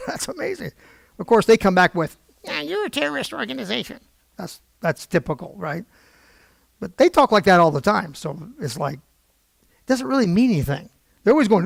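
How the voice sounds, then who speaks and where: A middle-aged man teaching a Bible prophecy class in an animated, digressive way, with frequent exclamations. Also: high-pitched, gravelly, dry recording, studio quality. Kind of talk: informal Bible lesson.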